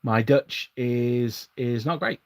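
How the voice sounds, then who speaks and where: Clean studio sound with no room echo captures an English man chatting on a live stream as he builds models at his desk. His medium-pitched voice moves slowly, rambling with frequent restarts and chuckles.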